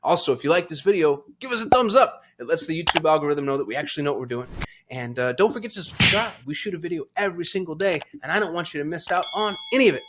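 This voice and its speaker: A man's voice: fairly high pitch, very fast, very noisy. A man who hosts his own channel, talking to camera in a fired-up, emphatic way with frequent restarts and fillers. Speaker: agency owner and channel host. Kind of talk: fired-up casual talk to camera.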